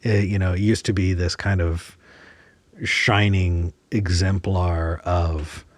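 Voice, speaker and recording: A man's voice: deep voice, level tone, slow pace, dry recording. A man hosting a podcast, talking reflectively and searching for words with frequent restarts. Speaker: podcast host. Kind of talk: casual conversation.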